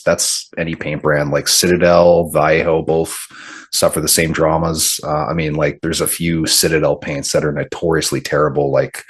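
A man hosts an easygoing podcast conversation in a very deep voice with a husky edge. He speaks frankly and relaxed, handing the floor to his guests. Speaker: podcast host. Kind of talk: casual chat.

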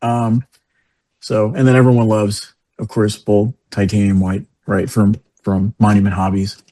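A man's voice: lowish voice, little pitch movement, measured pace, warm tone. A man with a New York accent chatting casually on a podcast, meandering and correcting himself as he talks enthusiastically. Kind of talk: casual chat.

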